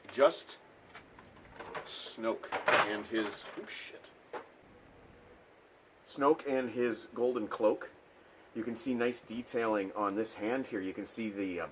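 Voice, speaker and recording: A man's voice: medium pitch, slight background noise. A man hosting a casual toy unboxing video, talking with dry, sarcastic remarks and lots of ums and uhs.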